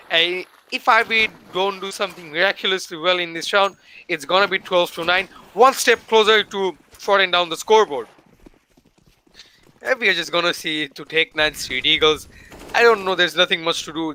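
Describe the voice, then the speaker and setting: A young man calls a live esports match in a high, very bright and cutting voice. He speaks in an excitable, casual manner and talks to his listeners like friends. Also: slight background noise. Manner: excitable, casual, says "bro" to the audience. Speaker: esports caster. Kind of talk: live play-by-play commentary.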